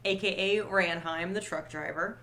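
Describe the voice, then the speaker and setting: A woman's voice: fairly low pitch, steady tone, moderate pace, sharp tone. A woman co-hosting a casual podcast, chatty and laughing often. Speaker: podcast co-host.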